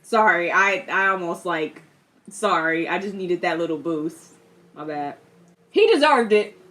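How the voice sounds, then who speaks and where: A young woman giving a casual movie reaction, animated, laughing often and acting out characters in quick voices. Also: lowish voice. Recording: steady background noise.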